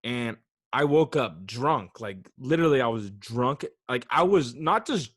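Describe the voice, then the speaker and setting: A man's voice: mid-range voice, animated, a little slow, fairly bright tone, husky, no echo. Young man, rambling storyteller, swears often, dry close sound. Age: 20s. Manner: rambling, swears often, says "dude" and "bro". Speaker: podcast co-host. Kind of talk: casual chat, storytelling.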